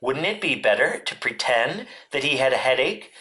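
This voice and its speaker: A man, a teacher, reading a children's storybook aloud in an expressive way. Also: medium pitch, moderate pace.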